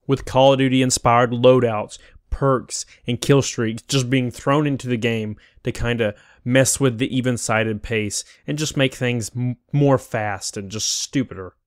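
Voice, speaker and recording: A man's voice: medium pitch, steady tone, measured pace, clear, resonant tone, no room sound, studio quality. A man narrating a scripted game review in a wistful, opinionated way. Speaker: YouTube game critic.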